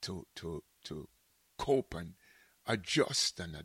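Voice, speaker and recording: A man with a Jamaican accent hosting a show in casual chat, telling animated stories and slipping into patois. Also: sits low, slow pace, slightly rough, dry recording. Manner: animated storyteller, slips into patois. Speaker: show host.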